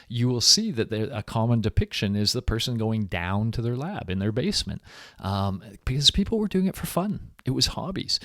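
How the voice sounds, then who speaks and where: A man's voice: on the low side, dry recording, clean studio sound. A man giving a recorded university lecture in a conversational, explaining way.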